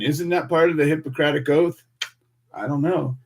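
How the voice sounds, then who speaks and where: Hosting a radio show, an American man launches into an impassioned, fiery monologue with a preachy tone, piling up rhetorical questions and repeating himself for emphasis. His voice is a little high for a man, his intonation fairly even, and he speaks at a normal speed over a noisy background.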